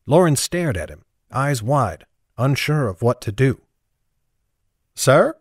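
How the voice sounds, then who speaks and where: A man reading a fantasy novel aloud as audiobook narrator, in a steady, even storytelling manner. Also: mid-range voice, unhurried, husky, no echo, clean studio sound. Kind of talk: scripted narration.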